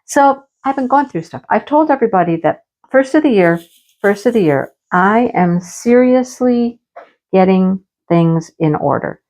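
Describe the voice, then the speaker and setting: Slow-talking chatty woman. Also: mid-range voice. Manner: chatty, storytelling, animated exclamations. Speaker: craft vlogger. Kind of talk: casual chat. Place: home office.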